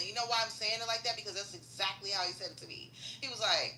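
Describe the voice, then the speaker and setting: A woman telling a profane, slangy comedic story in an animated rant, as a podcast host. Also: mid-range voice, fast talker, a little hiss or hum. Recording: roomy echo.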